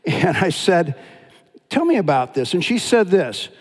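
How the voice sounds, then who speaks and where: A pastor preaching a sermon, telling Bible stories in an animated, dramatic way. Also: male voice, high voice, unhurried, breathy edge. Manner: storytelling, animated with dramatic retellings. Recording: long hall reverb.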